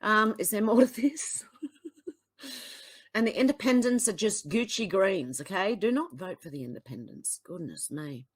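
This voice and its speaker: An Australian woman talking straight to camera as a political vlogger, blunt and exasperated. She reads posts aloud, then cuts in with scathing asides, her voice sitting at an ordinary middle pitch. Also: lively intonation, moderate pace, hardly any pauses, slightly rough. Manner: exasperated, blunt, swings between sighs and outbursts. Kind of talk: reading posts aloud and reacting.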